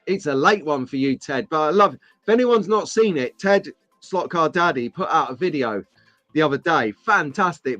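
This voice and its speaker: Brief: male live-stream host, slightly high voice, rambling banter, dry close mic, faint music behind. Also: a bit bright, dry recording. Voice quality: chatty, jokey, rambling. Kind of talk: casual live-stream chat greeting viewers.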